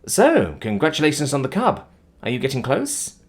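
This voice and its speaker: Rich: An encouraging young reporter woman, as a male narrator lifts his voice for her. Polite and warm in wording, breathy in tone, and very animated. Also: a little high, moderate pace, voice pushed up, exaggerated voice. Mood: friendly. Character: friendly young female journalist.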